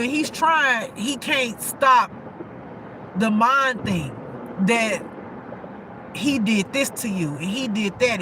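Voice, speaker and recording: A woman's voice: fairly high pitch, a bit bright, a little hiss or hum. A woman giving a casual intuitive spiritual reading, emotional and repetitive, with frequent cursing.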